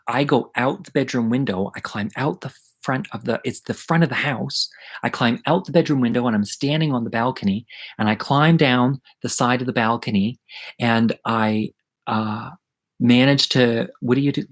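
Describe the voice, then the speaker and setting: A man's voice: mid-range voice, low-quality recording. A middle-aged man telling a story from his childhood in a chatty, rambling way, swearing freely, as the host of an online story hour. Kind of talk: casual live-streamed storytelling.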